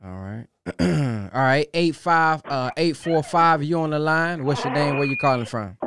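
Calm man hosting a call-in show. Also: fairly high pitch, measured pace, smooth, dry recording. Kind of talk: call-in radio talk.

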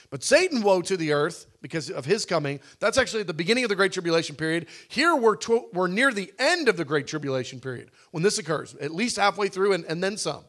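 Animated man teaching a Bible session. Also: sits high. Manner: animated, acts out cries with sudden loud shouts; conversational with fillers and restarts.

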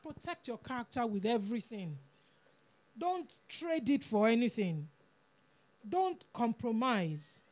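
A woman's voice: a little high, very animated, measured pace, darkish tone. A woman preaching a sermon, earnest and pleading, repeating words for emphasis.

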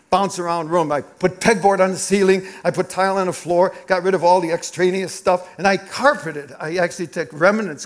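A middle-aged man, a pastor, preaching a sermon through an animated, confessional personal story. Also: high-pitched.

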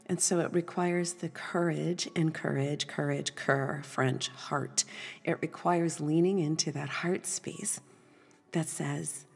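A woman hosting a podcast, giving a gentle motivational talk, soft and often dropping to a breathy half-whisper. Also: deep voice, steady tone, takes it slowly, big-room sound, faint music behind. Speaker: podcast host.

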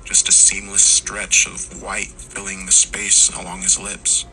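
A man reading a scripted horror story in slow, hushed tones, sometimes dropping to a whisper. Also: deep voice, completely flat delivery, faint music behind, low-quality recording. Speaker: narrator.

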